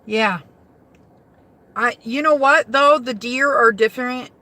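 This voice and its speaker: Woman from Michigan, high bright voice, unhurried salty car chat, livestream host. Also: no echo. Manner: chatty, salty, laughs easily. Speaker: rideshare driver livestreaming. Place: inside a car.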